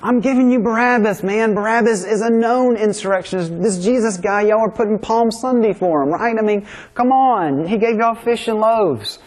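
A man's voice: high voice, moderate pace, a little mellow, pitched above the performer's own voice, poor audio. A man voicing a panicked Roman governor pleading with a crowd, in a slangy way.

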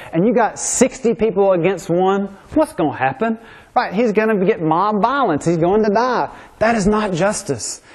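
Preacher guy, chatty sermon, says "right?" a lot, kinda high voice. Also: normal speed. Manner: informal, keeps asking "right?". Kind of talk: conversational sermon.

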